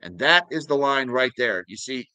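A man's voice: medium pitch, expressive, moderate pace, pushed and bright, clean tone, dry recording, low-quality recording. A man hosting a finance video, casually talking viewers through charts and news articles and calling them guys. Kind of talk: casual market commentary.

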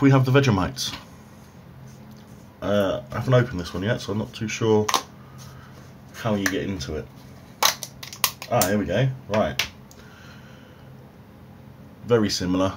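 A man's voice: fairly low pitch, unhurried, long pauses. A man doing a casual food review vlog at home in a dry, offhand, self-mocking way, recorded on an overhead phone. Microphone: overhead phone camera. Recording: faint room noise, phone audio.

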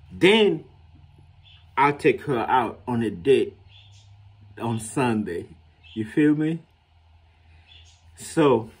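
A man with a husky, slightly rough voice talks to camera about his dating life. He is loose and slangy, laughing often and jumping up in pitch when he acts out what women said to him. His pitch sits in the middle for a man. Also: darkish tone. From Haiti. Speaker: vlogger. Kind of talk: casual storytelling to camera.

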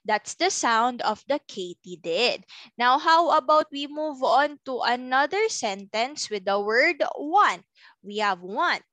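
A young woman teaching little children in a slow, patient, sing-song voice. She sits high in her range and swoops up and down as she sounds out each word. The recording is close and dry. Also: fairly bright tone, dry recording. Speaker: preschool teacher.

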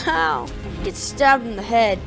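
A woman giving casual, excitable gameplay commentary, retelling the action by quoting herself. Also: on the high side, slow pace, gravelly. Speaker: gaming video creator. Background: music.

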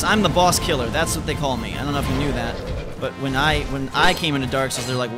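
A man giving excitable, joking commentary while playing a game, yelling at enemies. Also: medium pitch, fairly quick. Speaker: let's play gamer. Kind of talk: live gameplay commentary. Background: game music.

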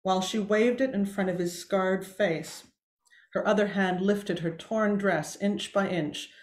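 Woman author, prose reading, measured and expressive, mid-pitched, roomy echo. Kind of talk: reading aloud from her novel.

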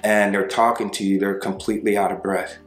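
A man with a fairly low voice coaches viewers through breakups in a relaxed, conversational monologue. He keeps checking in with "right?" and "you know" and acts out short exchanges. The room sounds echoey and there is faint music underneath. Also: fairly quick.

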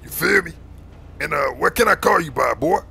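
A man's voice: a little high, lively intonation, normal speed, creaky, bright, forceful tone, a little hiss or hum, exaggerated voice. A man voicing a bossy street gang recruiter, full of slang, constantly calling others boy and man.

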